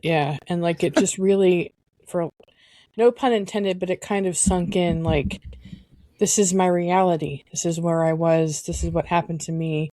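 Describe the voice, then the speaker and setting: A woman co-hosting a podcast, talking candidly and reflectively, pausing often to search for words. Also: lowish voice, steady tone, dark tone, dry recording. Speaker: podcast co-host. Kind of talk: candid personal conversation.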